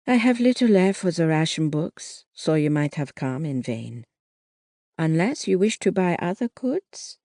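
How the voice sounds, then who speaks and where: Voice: medium pitch, sing-song, unhurried, a little mellow, dry recording, studio quality. A narrator voicing an older woman shopkeeper who speaks with a faint French accent, in a polite, guarded way.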